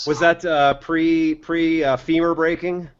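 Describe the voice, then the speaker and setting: A man's voice: a little high, a little slow, clean tone. A man hosting a podcast, reacting with frequent laughter. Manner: laughs often, lively reactions. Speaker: podcast host. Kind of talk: casual chat. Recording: dull lo-fi podcast audio.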